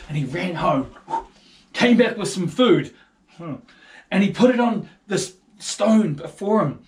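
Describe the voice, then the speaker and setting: A man with a New Zealand accent telling a Bible story to kids, casual and playful throughout. His fairly high voice swings a lot in pitch. He keeps the telling lively and easygoing. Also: unhurried. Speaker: children's ministry storyteller. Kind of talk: storytelling for children.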